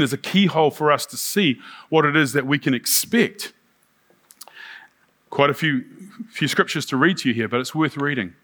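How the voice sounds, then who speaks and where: A man's voice: medium pitch, fairly bright tone. A man preaching a sermon, reading scripture aloud and then talking it over in a casual way with asides.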